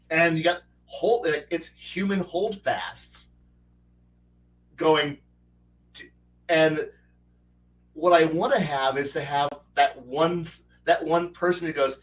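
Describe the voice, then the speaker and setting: A man's voice: on the high side, normal speed. A man hosting a casual livestream chat as game master, acting out characters as he tells stories and stammering through restarts. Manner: animated storyteller who acts out quoted characters. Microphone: online call mic. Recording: voice distant from the mic.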